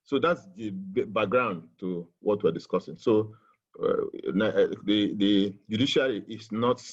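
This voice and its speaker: Man, husky, halting webinar talk. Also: low voice, lo-fi sound. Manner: halting with many fillers, slow and emphatic when reading. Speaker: webinar speaker. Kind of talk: webinar talk with a poem reading. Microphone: video call.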